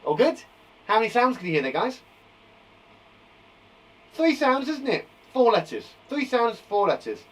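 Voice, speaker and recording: A man teaching a live phonics lesson to young children from a garden shed, upbeat and encouraging, sounding out words slowly. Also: very high voice, big pitch swings, far from the mic, rough recording. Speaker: primary school teacher.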